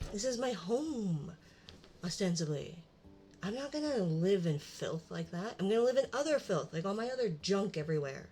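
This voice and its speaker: A young woman chats casually on a live stream from her desk at home, half talking to herself in a rambling, self-mocking way. Her voice sits at an ordinary pitch for a woman. A steady, clearly audible noise runs behind her home mic. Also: moderate pace. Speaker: livestream host. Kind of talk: casual live-stream chat while setting up.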